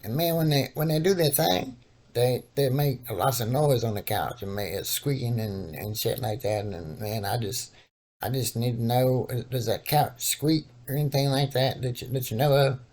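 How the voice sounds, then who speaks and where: A man putting on the voice of a folksy older man with a Texan accent, calling to ask about a couch, halting and rambling. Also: medium pitch, a little mellow, natural voice. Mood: pleading.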